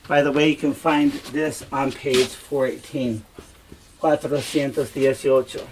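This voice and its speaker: A man gives a slow, deliberate Spanish grammar lesson from home, speaking at a mid pitch. He repeats each example in English and Spanish. A faint noise sits under his voice. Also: fairly even intonation, rough recording. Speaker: Spanish teacher. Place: home, dogs nearby.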